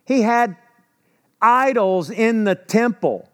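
A man's voice: high voice, lively intonation, slow, a bit bright, clear, resonant tone. A man preaching a sermon in a conversational, emphatic way. He asks rhetorical questions and acts out quoted speech in a casual voice. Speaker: pastor.

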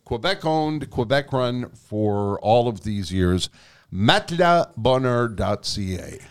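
A man's voice: mid-range voice, animated, slow, smooth. A man co-hosting a podcast, chatting loosely with fillers and reading an ad. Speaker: podcast co-host. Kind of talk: casual chat and live ad read.

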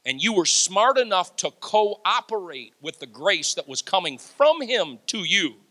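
A man preaching a sermon, animated, laughing and acting out quotes. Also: high voice, unhurried. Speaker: pastor.

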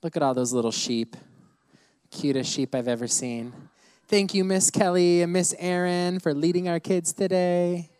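A man's voice: sits high, fairly even intonation, normal speed, a little mellow, clear, resonant tone, no room sound. A man preaching a sermon to his church, playful and laughing between points. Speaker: pastor. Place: church service.

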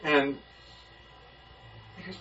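A man in a Bible study group telling a story with energy, acting out the voices of the people in it. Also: extremely slow. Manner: lively, acts out the people in his story. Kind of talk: animated storytelling in a group discussion. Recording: muffled, from a distance, faint background hiss.

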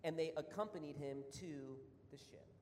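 A man's voice: on the high side, normal speed, darkish tone. A man preaching a sermon as a pastor, reading scripture aloud and then explaining it in an earnest, emphatic way, a little out of breath. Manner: earnest, rising to emphatic repetition. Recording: long reverb of a hall.

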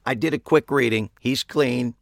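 A man voicing a blunt woman psychic who barks advice and warnings in a bored, dark way. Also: medium pitch, normal speed, vocal fry, dry recording, studio quality, voice pushed up, close to an everyday voice.

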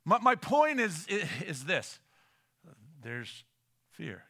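A middle-aged man delivers a sermon as a pastor. His voice sits fairly high and sounds bright, and his pitch swings widely. He moves between forceful emphasis and hushed, near-whispered passages, often repeating words. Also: huge pitch swings, very slow.

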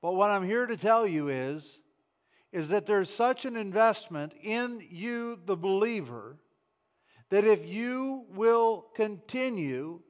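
A male preacher with a fairly high-pitched voice delivers a sermon. His delivery is fervent and emphatic. He stumbles into restarts and repeats himself as he presses each point. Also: a bit bright, smooth.

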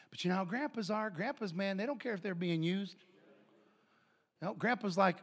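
A middle-aged man preaching a sermon, animated and telling family stories. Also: high-pitched, normal speed, pauses often, husky. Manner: animated, acts out family members' voices. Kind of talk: sermon with storytelling.

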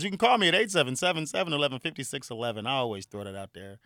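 A man in his forties from Chicago with a Chicago accent, hosting a casual solo podcast, animated and joking, laughing often. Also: on the high side, racing, gravelly, dry recording, studio quality. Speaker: podcast host.

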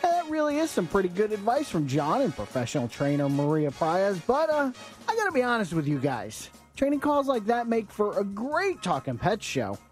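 A man's voice: sits high, wildly swooping pitch, normal speed, faint music behind. A man announcing a radio segment in a breezy, playful way. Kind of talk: scripted radio segment hosting.

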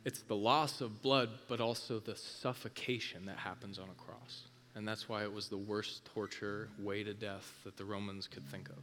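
A man preaching with a low-pitched but sharp, forceful voice. He hammers points through repetition, rising loud and then dropping to near whispers, with faint music playing beneath him. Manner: intense, repetitive emphasis, swings from loud to hushed. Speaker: pastor. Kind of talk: sermon.

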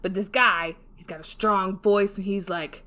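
A woman's voice: mid-range voice, fairly even intonation, measured pace, sharp tone. A woman hosting her podcast alone while drunk, rambling, laughing and trailing off between thoughts. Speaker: podcast host. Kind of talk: casual solo review chat. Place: home, seated.

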